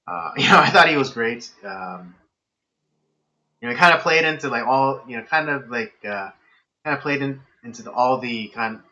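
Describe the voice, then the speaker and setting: Bright-voiced man, halting film chat. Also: medium pitch, expressive. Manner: halting, many fillers, sarcastic jokes. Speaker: podcast co-host. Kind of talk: casual film review chat. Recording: muffled lo-fi live stream audio.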